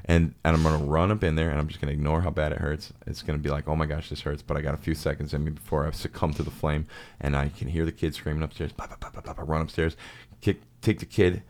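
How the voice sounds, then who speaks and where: A man's voice: very deep voice, level tone, fast talker, darkish tone. A young man hosting a podcast, telling rambling jokey stories and acting out little voices. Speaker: podcast host. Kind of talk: casual chat.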